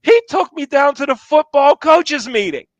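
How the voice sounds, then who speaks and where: A man's voice: very high voice, moderate pace, no room sound. An older man casually telling stories from his youth, acting out the people he quotes. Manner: animated storyteller acting out quotes. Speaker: storyteller guest.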